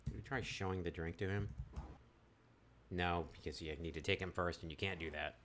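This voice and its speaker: A man's voice: low-pitched, steady tone, a little fast, fairly bright tone, a little hiss or hum. A man playing through a text adventure game, chatting casually and reading the game text aloud with voices. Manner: chatty, laughs easily, reads the text with voices. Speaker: game streamer.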